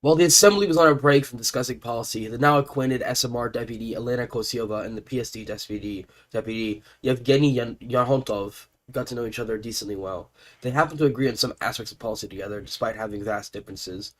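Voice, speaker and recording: A man streaming a strategy game, reading its story text aloud and chatting excitably, stumbling over names, stuffed up with allergies. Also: medium pitch, fast talker. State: congested with allergies.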